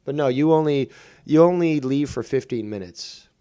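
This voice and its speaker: A man's voice: mid-range voice, moderate pace, warm tone, clear, resonant tone. A man hosting a casual online show, reading out viewer comments with wry, dry commentary. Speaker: host.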